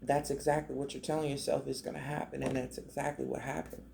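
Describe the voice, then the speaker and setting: Gravelly-voiced man giving a tarot reading. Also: medium pitch, little pitch movement, fast talker, mellow, slight background noise. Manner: emotional, conversational, many restarts and "like". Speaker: tarot reader. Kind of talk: casual tarot reading to camera.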